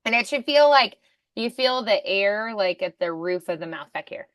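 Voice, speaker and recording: A woman teaching a voice acting lesson, demonstrating each sound as she explains it. Her voice is bright and forceful, recorded close and dry, with no room sound. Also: mid-range voice, animated, no echo. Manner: demonstrative, coaching with sound examples and quick prompts. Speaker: voice acting coach.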